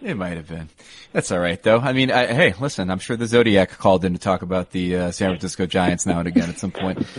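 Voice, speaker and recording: Brief: a lower-voiced male host with a dry, teasing delivery in a dead room. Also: fast, no echo. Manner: wry, teasing. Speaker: podcast host. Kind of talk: podcast chat.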